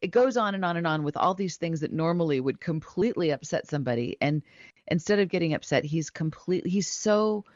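A woman co-hosting a chat show, reflecting on a guest's dream and telling a story in a relaxed, animated way. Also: lowish voice, fairly quick, dry recording, lo-fi sound. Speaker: podcast co-host interpreting dreams. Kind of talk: casual chat.

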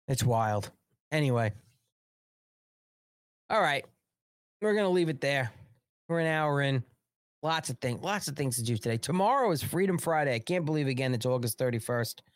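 A man's voice: mid-range voice, expressive, normal speed, long pauses, no echo, clean studio sound. A man in his forties hosting a live political show, talking in an unfiltered, profane and angry rant. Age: 40s. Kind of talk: live online political commentary.

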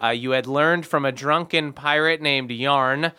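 Male game master, bright crisp voice, easygoing narration with lots of "uh"s. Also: medium pitch, measured pace. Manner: easygoing, laughs often, filler-heavy narration. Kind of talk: narrating a tabletop game recap.

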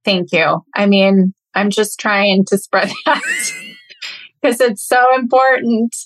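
A woman in her thirties speaks as a health coach on a casual podcast, earnest and reflective. She talks at an unhurried pace with an ordinary pitch. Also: steady tone, low-quality recording. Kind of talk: casual interview chat.

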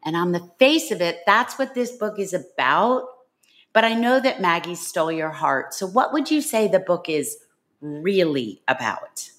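Woman, podcast co-host, enthusiastic, lowish voice. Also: expressive, measured pace. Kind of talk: podcast interview hosting.

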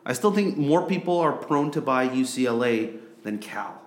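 A young man who grew up in Korea talks sports in a loose, casual podcast chat. He rambles, leans on "like" and "um", and circles back over the same phrases before landing his point. His voice sits at an ordinary middle pitch. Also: animated, normal speed. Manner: rambling, filler-heavy, repeats himself. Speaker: podcast co-host.

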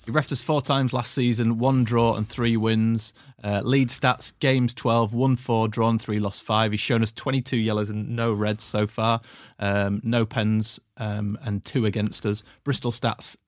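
A man co-hosting a casual football podcast from home, easygoing and steady as he goes through match stats. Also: on the low side, a little slow, no echo, studio quality. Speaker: podcast co-host. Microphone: recorded at home.

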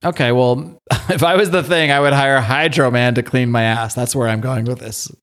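A young adult man hosts a podcast in casual chat, rambling, laughing often between thoughts, and restarting a lot. His voice is medium-pitched and fairly bright, with a steady tone and moderate pace.

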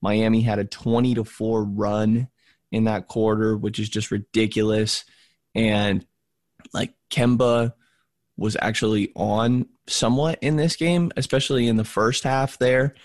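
A man co-hosting a basketball podcast, groggy with his morning voice and rambling through halting restarts. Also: lowish voice, fairly even intonation, darkish tone, no echo. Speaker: podcast co-host. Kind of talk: casual sports podcast chat.

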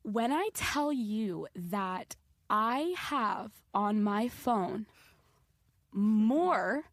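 A woman in her twenties co-hosting a podcast, chatting casually with brash, crude, fast storytelling. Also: mid-range voice, lively intonation, no room sound, studio quality. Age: 20s. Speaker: podcast co-host. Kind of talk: casual chat.

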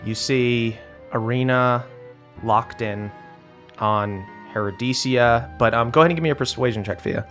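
A man narrating as game master of a tabletop role-playing game, relaxed and descriptive with frequent fillers. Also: medium pitch, normal speed. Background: soft background music.

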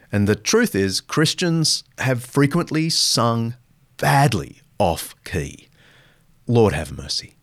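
Male podcast host with a lively pitch, dry close sound, answering listener questions with thoughtful emphasis. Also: dry recording. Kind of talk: reflective Q&A answers.

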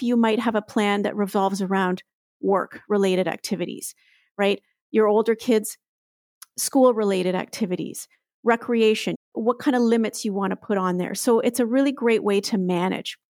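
A woman's voice: fairly high pitch, darkish tone, no room sound, clean studio sound. A woman, explaining earnestly in a podcast interview, often tagging lines with "right?". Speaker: guest expert.

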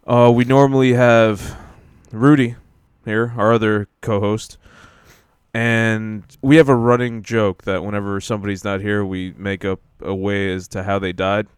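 Male podcast host, relaxed joker, lowish smooth voice. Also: unhurried, no echo, clean studio sound. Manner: laid-back, joking, laughs often. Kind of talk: casual chat.

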